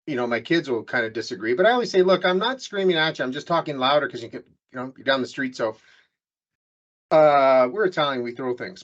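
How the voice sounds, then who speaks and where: A man's voice: a little high, fairly bright tone, lo-fi sound. A man hosting a business podcast, telling stories in a loose, jokey way with many restarts. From Canada. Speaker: podcast host. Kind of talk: casual business interview chat.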